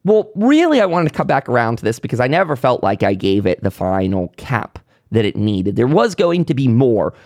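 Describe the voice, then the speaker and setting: A man's voice: mid-range voice, big pitch swings, fairly quick, darkish tone, no echo, clean studio sound. A man hosting his own political commentary channel, talking in an impassioned, rambling monologue with restarts and short laughs. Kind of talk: casual monologue.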